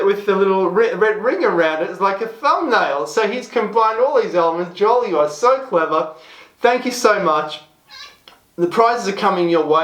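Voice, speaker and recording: Rambling, excitable male host, fairly high voice, echoey room. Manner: excitable, rambling with many restarts. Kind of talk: casual solo show to camera.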